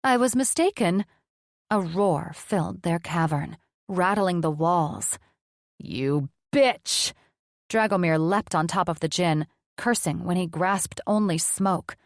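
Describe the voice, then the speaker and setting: A woman narrating a fantasy romance audiobook in a measured, even reading. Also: lowish voice, gravelly, dry recording, studio quality. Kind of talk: scripted narration.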